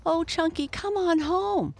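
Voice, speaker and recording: A storyteller voicing a timid little girl hippo who speaks gently. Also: mid-range voice, steady tone, normal speed, faint music behind, pitched above the performer's own voice, close to an everyday voice. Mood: pleading. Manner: soft-spoken, pleading.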